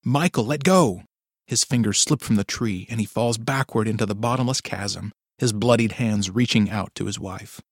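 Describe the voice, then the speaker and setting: A man narrating a dark story in a low, measured storytelling voice. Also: fairly even intonation, dry recording, clean studio sound. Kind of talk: dramatic audiobook narration.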